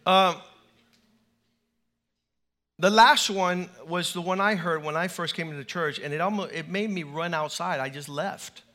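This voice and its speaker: A man preaching a lively sermon in a church to a large congregation, animated and playful, leading call-and-response. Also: fairly high pitch, unhurried, long pauses.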